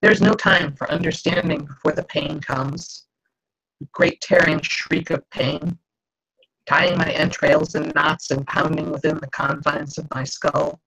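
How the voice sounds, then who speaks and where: A woman author reading her own novel aloud in a slow, dramatic, expressive way over a video call. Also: sits low, creaky, slightly rough. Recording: dull lo-fi video call audio.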